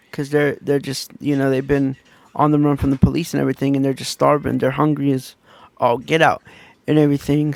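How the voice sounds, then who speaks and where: A man's voice: fairly high pitch, creaky, a little mellow, dry recording. A man giving a casual book review, retelling the plot in a rambling, loose and conversational way.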